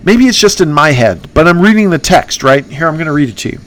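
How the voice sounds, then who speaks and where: A man's voice: a little high, lively intonation, quick pace, few pauses, a bit bright. Man rambling about an online game. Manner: rambling, self-mocking, many fillers. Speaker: podcast host. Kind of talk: casual gaming podcast talk.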